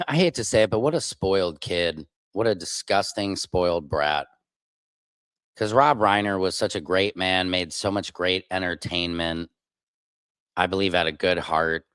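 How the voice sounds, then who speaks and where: A man's voice: deep voice, unhurried, a bit bright, clear, resonant tone, dry recording. A man hosting a live stream, giving blunt, opinionated reaction commentary. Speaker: streamer host.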